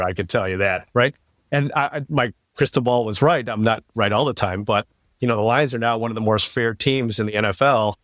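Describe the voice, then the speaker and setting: A man with a lowish voice tells a story in a casual podcast chat. He talks in a lively way and laughs easily. He sounds close to the mic, with no room echo. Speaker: podcast co-host.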